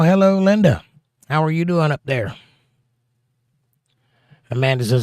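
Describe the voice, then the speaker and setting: A man's voice: on the high side, lively intonation, normal speed, pauses often, a little mellow, dry recording, studio quality. A man hosting a casual livestream, greeting viewers and reading their chat comments aloud in a folksy, chatty way. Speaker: host.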